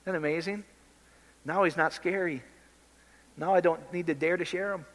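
A man's voice: on the high side, fairly even intonation, moderate pace, a bit bright. Impassioned preacher man in a reverberant hall. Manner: impassioned, conversational, blunt. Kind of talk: informal sermon.

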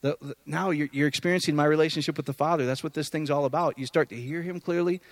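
A man's voice: fairly high pitch, fast talker, dry recording. A man preaching an informal, conversational sermon, often checking in with his listeners. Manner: conversational, animated, often asks "does that make sense".

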